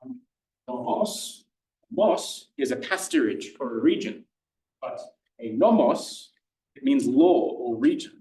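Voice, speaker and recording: Casting: Australian male tutor, middle pitch, chatty and halting, recorded from across an echoey room. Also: very animated, dark tone. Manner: chatty, hesitant, many fillers and restarts. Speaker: Greek tutor giving a lecture. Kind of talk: informal lecture. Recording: roomy lecture room, mic at a distance.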